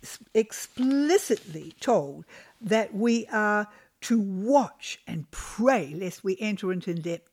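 A woman's voice: medium pitch, animated, takes it slowly, darkish tone. A woman teaching a devotional Bible lesson to women, reading scripture aloud and lingering on key words.

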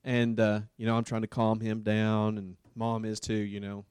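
A man casually telling a long work story, rambling with fillers and getting animated as he acts out what people said. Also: lowish voice, normal speed, smooth, dry recording.

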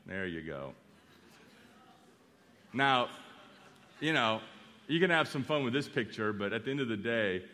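Animated preacher man in an echoing hall. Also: medium pitch. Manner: animated, emphatic, repeats phrases for effect. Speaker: pastor. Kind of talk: sermon. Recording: long reverb of a large hall.

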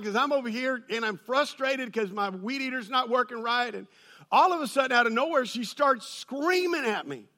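A man preaching a sermon, telling a funny personal story and building to loud, excited peaks. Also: very high voice, a little fast. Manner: storytelling with humor, rises to shouting. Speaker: pastor.

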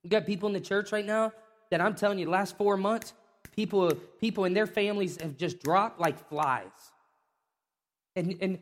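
A male pastor delivers a sermon in a fairly high voice, swinging from quiet reflection to impassioned, climbing questions. His words ring out with a long reverb from a large church hall. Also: a little fast. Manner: impassioned, voice rising sharply on the repeated questions. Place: church sanctuary.

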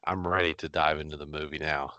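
A man's voice: very deep voice, fairly even intonation, quick pace, pushed and bright, no echo, dull audio. A man co-hosting a movie podcast, trading playful jokes with the others. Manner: joking, playful banter. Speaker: podcast co-host. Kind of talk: casual podcast chat.

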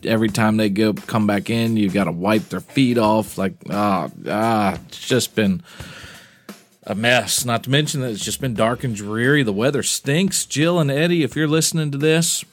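A man's voice: lowish voice, moderate pace, soft background music. A male pastor giving a casual weekly podcast update, chatty and informal, with small laughs.

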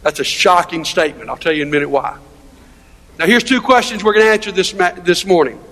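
Preaching fast in a high, slightly bright voice, a male pastor delivers an emphatic, conversational sermon full of rhetorical questions for his listeners. A large hall's long reverb colors the recording.

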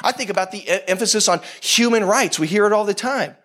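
A man's voice: high voice, fast talker, a bit bright. A man in his thirties preaching a sermon in a conversational, storytelling way, with self-deprecating humor. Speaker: pastor.

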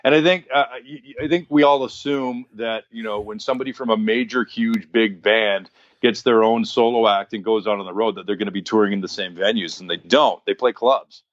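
A man's voice: fairly low pitch, fairly quick, lo-fi sound. A man telling a story in casual conversation, restarting his sentences often and acting out what people said. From Canada. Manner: animated, restarts often, acts out quotes.

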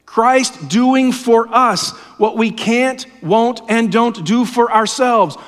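A man preaching a sermon, impassioned and often dropping to a hushed, low voice. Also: takes it slowly. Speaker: pastor. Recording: long hall reverb.

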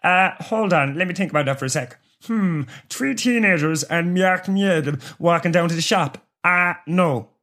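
Comic bit: a man plays a smug adventure instructor, sarcastic and bright, pitched high. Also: brisk. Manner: sarcastic, upbeat. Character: smug male outdoor-pursuits instructor, sarcastic. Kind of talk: comedic sketch character.

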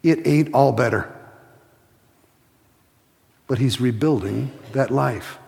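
A man preaching a sermon, telling stories with passion and slowing to a hush for emphasis. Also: medium pitch, creaky, long reverb tail. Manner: impassioned storytelling, slows to a hush for emphasis. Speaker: pastor.

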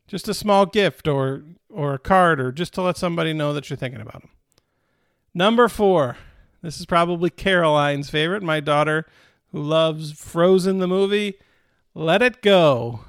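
A man's voice: sits high, a bit bright, dry recording, studio quality. A man giving a conversational sermon as pastor, repeating key phrases for emphasis, asking the listeners "right?" and restarting mid-thought.

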